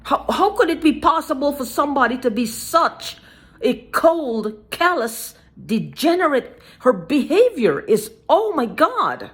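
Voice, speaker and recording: A woman in an agitated personal video monologue, halting and repetitive, with frequent swearing and repeated phrases. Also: sits high, sing-song, fairly bright tone.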